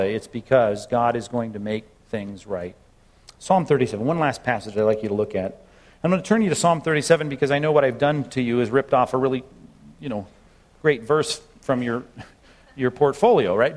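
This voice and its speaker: A man preaching an expository sermon in a conversational way, often checking in with his listeners and stressing key points with rising bursts. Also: medium pitch. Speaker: pastor.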